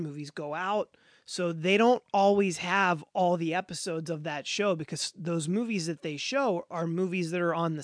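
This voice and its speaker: Brief: high-pitched man, loose podcast chatter, close dry mic. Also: no room sound. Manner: rambling, lots of fillers. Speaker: podcast co-host. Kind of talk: casual chat.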